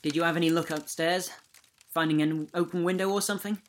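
A man's voice: a little high, fairly even intonation, a little fast, voice pushed up, lightly acted. A man doing a bossy young woman friend. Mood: urgent.

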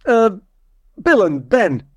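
A man's voice: sits high, wildly swooping pitch, takes it slowly, exaggerated voice. A man doing a brusque nativity director. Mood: exasperated. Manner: brusque and exasperated.

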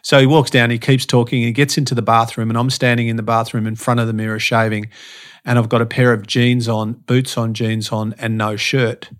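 A man's voice: medium pitch, level tone, a little fast. A middle-aged man telling stories from his life in a casual interview, frank and profane, with many restarts and fillers. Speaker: podcast guest, fitness and behaviour speaker.

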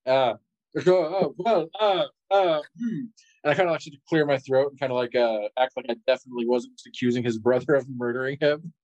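A man plays his character in a tabletop game, lively and animated. His voice sits at an ordinary middle pitch, and he often leaps into high, excited lines. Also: a little fast, dull audio. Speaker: player.

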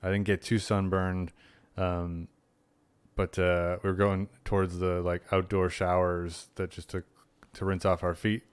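Animated man telling a story. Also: measured pace, clean tone. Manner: animated, jumps into high-pitched voices when quoting people. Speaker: podcast guest, comedian. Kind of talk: casual storytelling chat.

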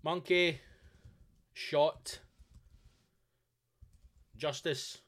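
Fast-swearing man ranting comically. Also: fairly high pitch. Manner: profane, animated storytelling; swears constantly, mock outrage. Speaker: podcast host. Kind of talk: comedic rant.

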